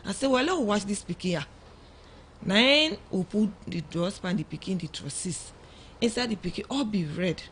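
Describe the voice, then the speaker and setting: A woman speaks in a Sierra Leonean Krio accent, a mother recounting events as a guest on a radio show. She tells it in an animated way and acts out the voices of others. Her voice sits at an ordinary middle pitch, with a faint hiss of noise behind it. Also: normal speed. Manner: animated storytelling, acts out quoted dialogue. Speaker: mother of a young girl, guest. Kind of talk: emotional first-person account on radio. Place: radio studio.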